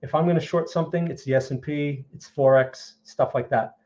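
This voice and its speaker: Brief: man with a New York accent, blunt live market commentary, slightly high voice. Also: steady tone, fairly quick, a little mellow. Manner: blunt, opinionated, talks directly to viewers. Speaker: market analysis streamer host. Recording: dull lo-fi stream audio.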